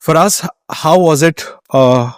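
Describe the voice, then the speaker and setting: A man's voice: a little high, unhurried, clear, resonant tone, no room sound, studio quality. A man with a Pakistani accent hosting an interview, asking questions and giving brief affirmations. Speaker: host. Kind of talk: conversational interview.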